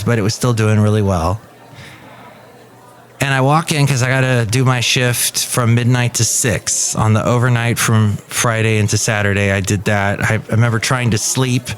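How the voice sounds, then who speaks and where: A middle-aged man from the United States hosting a podcast, telling a personal story in a rambling, casual way with restarts. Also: medium pitch. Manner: rambling anecdotal delivery with restarts and acted quotes. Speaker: podcast host.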